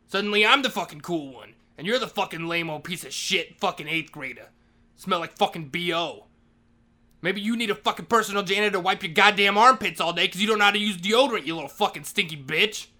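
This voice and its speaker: A man's voice: sits high, sharp tone, heavily acted. A man playing a grumpy school janitor in a comedy monologue, swearing constantly as he rants and grumbles. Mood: ranting. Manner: profane, ranting, swears constantly. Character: foul-mouthed grumpy male school janitor, always ranting.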